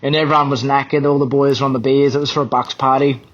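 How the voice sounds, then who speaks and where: A young man, a podcast guest, telling a fishing story in an animated, self-deprecating way. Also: medium pitch, quick pace, lo-fi sound. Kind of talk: casual storytelling.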